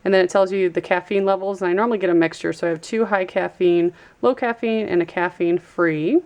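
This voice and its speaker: A woman's voice: on the low side, fairly even intonation, brisk, darkish tone. A woman vlogger chatting casually as she unboxes products and reads out labels. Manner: chatty, trails off while reading labels. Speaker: YouTube vlogger.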